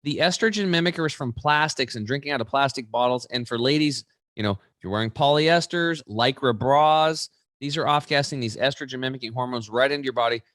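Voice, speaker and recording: Man, interview guest, animated, does quoted voices, mid pitch, dry close sound. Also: a little fast, no room sound. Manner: animated storyteller, acts out quoted voices, many restarts. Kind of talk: interview, explaining.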